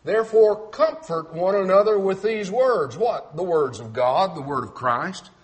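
A man's voice: high-pitched, lively intonation, a little slow. A middle-aged man preaching a sermon in a folksy way, quoting scripture and mimicking other people's voices.

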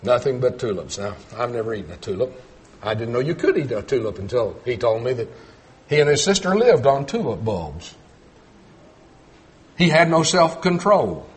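A middle-aged man preaching a sermon, telling folksy stories and swinging between loud emphatic points and quiet low asides. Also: very animated, moderate pace. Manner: storytelling with folksy humor.

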